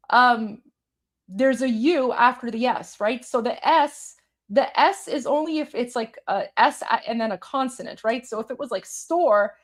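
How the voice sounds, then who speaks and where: A woman's voice: high voice, lively intonation, unhurried. A young woman hosting a livestream, chatting casually with viewers and reading their comments, with many fillers and restarts. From Iranian heritage. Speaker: livestream host.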